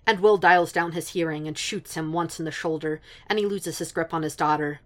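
This is a low-voiced woman narrating a fan fiction audiobook. She holds an even, steady storytelling rhythm at a slightly quick pace.

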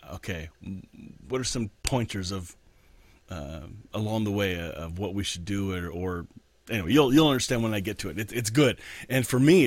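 A man's voice: fairly low pitch, dry recording. Earnest man pastor, dry close sound. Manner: earnest, reflective, slowing down to stress points. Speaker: pastor and podcast host. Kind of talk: candid podcast monologue.

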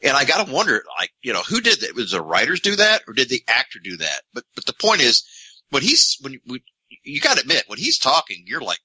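A man's voice: medium pitch, wildly swooping pitch, a little fast, sharp tone, breathy edge, low-quality recording. A man co-hosting a movie podcast, rambling and restarting as he thinks aloud. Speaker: podcast co-host. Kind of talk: casual podcast chat.

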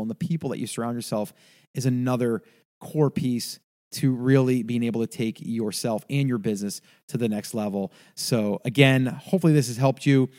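A man hosting a podcast, wrapping up an episode with upbeat, motivational encouragement to listeners, with guests in a lake house room. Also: mid-range voice. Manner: upbeat, motivational, builds to loud rallying call. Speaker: podcast host. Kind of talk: casual podcast sign-off.

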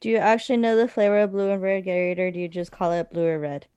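A woman's voice: mid-range voice, little pitch movement, quick pace, warm tone, smooth, no room sound. A young woman chatting casually over quizzes, blunt and teasing, swearing freely. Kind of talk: casual chat doing online quizzes.

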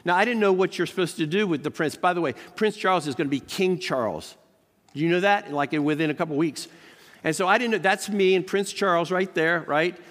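An American man, a professor, giving a lively chapel sermon full of personal stories. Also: fairly quick. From United States. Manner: animated storyteller, jumps up in pitch when excited. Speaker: professor preaching at a college chapel. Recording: long hall reverb.

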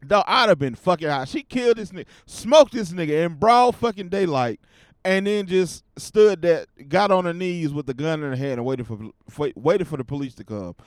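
A young adult man hosting a podcast alone, talking casually in a slangy, profane way and getting loud and fired up as he rants. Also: fairly high pitch, animated, normal speed, no room sound, studio quality. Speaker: podcast host. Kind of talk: casual solo podcast rant.

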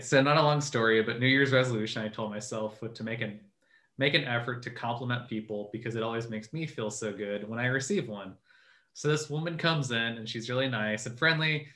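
A man's voice: medium pitch, pushed and bright. A man co-hosting a casual chat show, easygoing and trailing off as he tells a story. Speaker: podcast co-host. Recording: echoey room.

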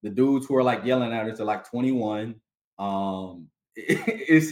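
A man's voice: fairly low pitch, a little slow. Chatty man in an echoey room. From North Carolina. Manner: animated storyteller, acts out voices, laughs often. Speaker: podcast host. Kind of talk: casual chat.

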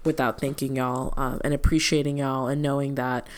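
A woman's voice: very deep voice, little pitch movement, normal speed. A woman co-hosting a podcast, telling stories in a rambling way with plenty of ums and asides. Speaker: podcast co-host. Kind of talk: casual podcast chat.

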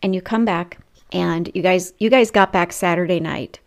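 A woman's voice: on the low side, moderate pace, vocal fry. A middle-aged woman hosting a faith-based weight loss coaching show, earnest and emotional, with frequent asides. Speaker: Christian weight loss coach and podcast host.

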